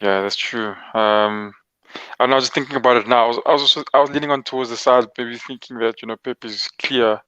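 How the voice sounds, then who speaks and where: A man on a football podcast giving his view hesitantly, with many pauses and ums. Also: medium pitch, steady tone, pushed and bright, clean tone, no room sound. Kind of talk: casual football chat. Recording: dull lo-fi call audio, dry.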